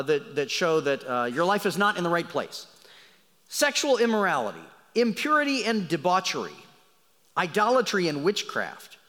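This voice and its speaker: A male pastor giving a sermon, swinging between loud emphasis and quiet, conversational asides. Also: high voice, in a large hall. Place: large church hall.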